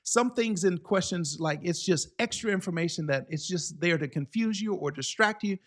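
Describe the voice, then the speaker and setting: A man with a high-pitched voice teaches a live online exam-prep class. He talks with lively energy and keeps checking in with the viewers. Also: normal speed.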